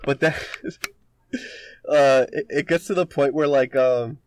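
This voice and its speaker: A man's voice: mid-range voice, slow, slight background noise. A man co-hosting a podcast, rambling through a story retelling with lots of filler words and casual swearing. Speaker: podcast co-host.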